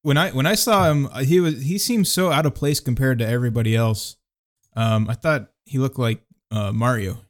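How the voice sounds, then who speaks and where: A man's voice: mid-range voice, normal speed. A man chatting casually, hesitant and filling gaps with restarts. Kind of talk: casual podcast chat.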